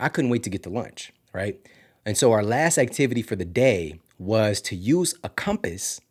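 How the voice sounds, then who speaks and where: A man from Missouri hosting a podcast, telling a story casually with big swings from loud to hushed. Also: medium pitch. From Missouri, USA. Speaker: podcast host.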